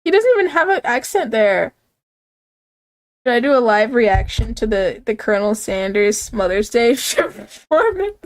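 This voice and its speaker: A woman's voice: a little high, very animated, measured pace. A young woman streaming a game, playfully reading its text aloud and chatting with viewers, giggling often.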